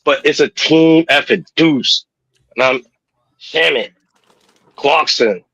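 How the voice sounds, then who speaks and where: A man co-hosting a casual sports talk show, profane and animated, who keeps saying "know what I mean.". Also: fairly high pitch, slow, vocal fry, husky, dry recording, muffled recording. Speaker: podcast co-host.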